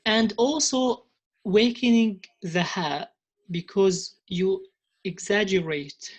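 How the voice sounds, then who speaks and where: A woman teaching Tajweed, slowly demonstrating sounds and often pausing and restarting her sentences. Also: mid-range voice, breathy edge. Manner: slow deliberate demonstrations, frequent hesitations and restarts. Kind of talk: recorded lesson explaining Quranic pronunciation.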